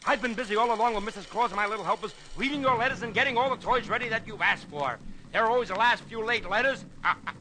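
Santa Claus, jolly and high. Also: male voice, background noise. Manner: hearty ho-ho laughter, animal and train noises. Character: jolly old Santa Claus, booming and merry. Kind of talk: vintage children's record narration.

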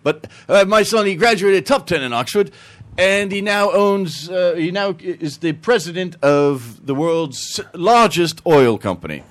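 A man's voice: a little high, expressive, moderate pace, a bit bright. A man voicing a boastful English father who brags about his son while telling a joke, his delivery stumbling along. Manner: stumbling storyteller's mock boast.

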